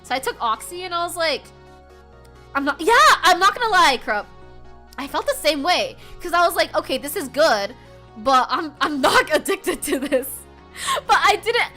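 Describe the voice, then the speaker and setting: High, bright-voiced young woman streamer. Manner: bubbly, swings between soft and loud excited. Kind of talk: casual chat with viewers.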